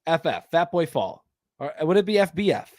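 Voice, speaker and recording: A man's voice: fairly high pitch, sing-song, normal speed, darkish tone, no echo. A man co-hosting a podcast, joking and cursing in casual banter. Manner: joking, profane interjections. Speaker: podcast co-host.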